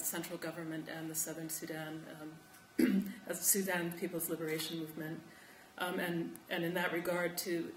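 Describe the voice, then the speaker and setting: A woman's voice: fairly low pitch, a little hiss or hum. Earnest woman reading recommendations in an echoey hall. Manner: earnest, emphatic, many "um"s and throat clearing. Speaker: community representative presenting recommendations. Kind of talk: reading prepared recommendations at a public forum.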